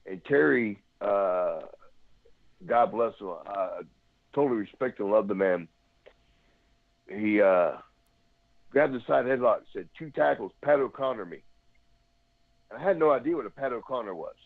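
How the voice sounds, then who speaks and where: Gravelly man telling stories down a phone line. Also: lowish voice, animated, normal speed, pauses often, no echo. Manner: rambling anecdotes, imitates others. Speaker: former pro wrestler, guest. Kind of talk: casual storytelling interview.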